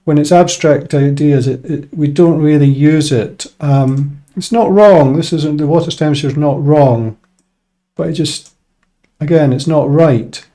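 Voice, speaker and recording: Relaxed man explaining grammar with fillers. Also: on the high side, unhurried. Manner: relaxed, thinking aloud with many fillers. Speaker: English teacher. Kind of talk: casual explanatory lesson.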